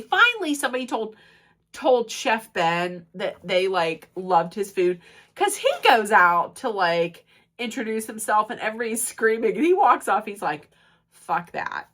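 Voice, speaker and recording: A woman's voice: a little high, moderate pace. A woman recapping a reality show episode in a gossipy, casual way, acting out the cast's quotes, with a stuffed-up nose. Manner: gossipy, acts out quotes in animated voices. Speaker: recap commentator.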